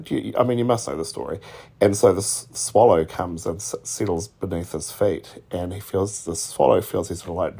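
A man hosting a casual solo podcast, rambling and emotional with lots of fillers, his voice croaky from a cold. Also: sits low, darkish tone. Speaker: podcast host.

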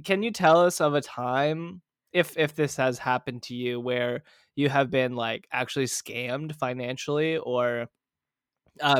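A man co-hosting a podcast, asking the guest long, relaxed questions with fillers. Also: mid-range voice, clear, resonant tone, no echo, clean studio sound. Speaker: podcast co-host. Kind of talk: casual interview chat.

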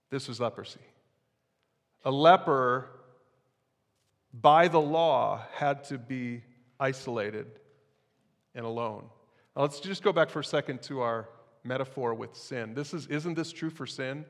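A man's voice: mid-range voice, measured pace, long pauses, big-room sound. A man preaching a sermon as pastor, in a conversational style with casual asides to the congregation.

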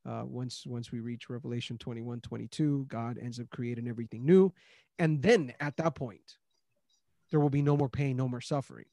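A man's voice: medium pitch, normal speed, vocal fry, warm tone, no room sound, studio quality. A man hosting a Christian discussion, speaking earnestly with many restarts and rising emphasis on key points. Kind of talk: casual faith discussion.

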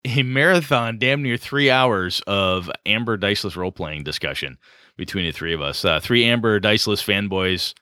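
A man's voice: on the low side, moderate pace, bright, forceful tone, dry recording, clean studio sound. A man co-hosting a tabletop gaming podcast, rambling enthusiastically with lots of fillers. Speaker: podcast co-host. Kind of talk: casual podcast chat.

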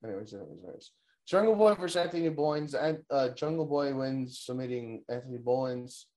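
A man's voice: medium pitch, lively intonation, fairly quick, darkish tone. A young man co-hosting a casual wrestling recap chat, rambling and swearing, laughing often and mimicking wrestlers. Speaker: podcast co-host.

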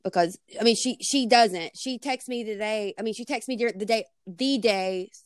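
A woman's voice: medium pitch, moderate pace, a little hiss or hum. A woman co-hosting a casual sports podcast, talking in a chatty way with lots of restarts. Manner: chatty, many fillers and restarts, wistful. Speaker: podcast co-host.

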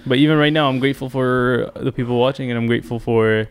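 A man's voice: medium pitch, fast, clean tone. A young man co-hosting a podcast, chatting animatedly and swearing casually. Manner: animated, swears casually, repeats "you know". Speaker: podcast co-host.

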